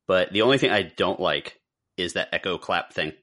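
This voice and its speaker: A man's voice: low-pitched, animated, moderate pace, sharp tone. A man co-hosting a podcast in casual, playful chat, joking and imitating sounds. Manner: playful, chatty, mimics sounds. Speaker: podcast co-host.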